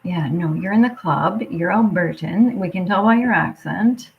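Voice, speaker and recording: A woman's voice: lowish voice, normal speed, creaky, phone-quality sound. A woman livestreaming an angry, profane rant that keeps dropping into muttered whispers. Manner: swears constantly, drops into muttered whispers.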